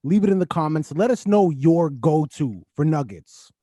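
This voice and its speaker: A man's voice: on the high side, expressive, moderate pace, mellow, no echo, clean studio sound. A man co-hosting a podcast from Canada, chatting casually in a laid-back, joking, slangy way. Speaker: podcast co-host. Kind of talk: casual chat.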